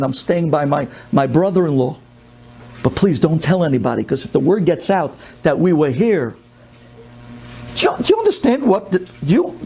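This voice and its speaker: Middle-aged rabbi telling a story in a sermon, high lively voice, acts out everyone in it. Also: male voice. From United States. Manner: animated storyteller, acts out the people in his story.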